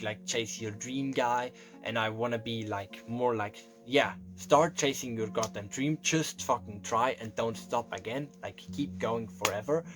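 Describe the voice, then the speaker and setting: A young man telling a confessional story, rambling and emotional, close to tears and swearing often. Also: medium pitch. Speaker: vlogger. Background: faint background music.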